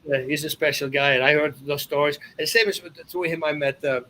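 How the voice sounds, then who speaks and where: A man in his fifties from the Netherlands with a Dutch accent, a podcast guest telling animated stories with loud exclamations. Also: on the high side, fast, a little hiss or hum, low-quality recording. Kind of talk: casual storytelling.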